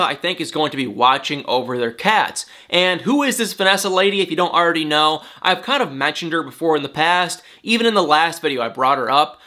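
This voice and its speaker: A man's voice: a little high, sharp tone. A man recapping a reality show episode for his viewers, fed up and emphatic as he rants about a cast member. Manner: exasperated, emphatic, talks straight to viewers. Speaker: celebrity gossip vlogger.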